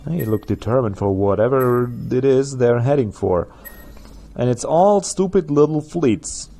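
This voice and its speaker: A man's voice: medium pitch, expressive, a little slow, dark tone. A man with a German accent, a native German speaker, chatting through gameplay commentary as a let's play host and laughing at his own jokes.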